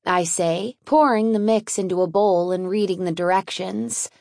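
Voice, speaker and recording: A woman's voice: mid-range voice, moderate pace, gravelly, hardly any pauses, darkish tone, no echo. A woman narrating an audiobook in a wry, conversational first-person storytelling manner, recorded in a dry booth.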